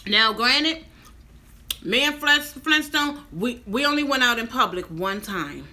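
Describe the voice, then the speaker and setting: A woman's voice: on the high side, animated, measured pace, sharp tone. A woman in her fifties telling a personal story to her viewers in a chatty vlog. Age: 50s. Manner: chatty, addresses viewers directly. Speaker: vlogger.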